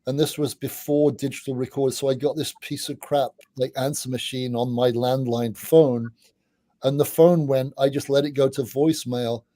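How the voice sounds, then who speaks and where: A man's voice: mid-range voice, fairly even intonation, dark tone, dry recording. Middle aged guy rambling through old stories on a podcast, dry close sound, lots of restarts. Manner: chatty, restarts phrases, quick asides. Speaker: podcast guest. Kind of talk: casual anecdotal storytelling.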